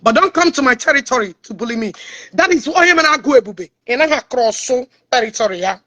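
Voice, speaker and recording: Nigerian woman, Igbo accent, high bright voice; scornful, combative online rant. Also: expressive, fairly quick. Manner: mocking, confrontational, mixing English and Igbo. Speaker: social media personality. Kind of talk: heated social media rant.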